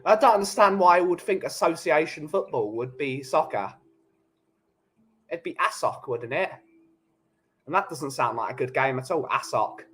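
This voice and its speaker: A man with a London English accent, hosting a relaxed coffee chat stream and bantering jokily with his live chat. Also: on the high side, moderate pace, long pauses, breathy edge, faint music behind, low-quality recording. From England. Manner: jokey, rambling banter.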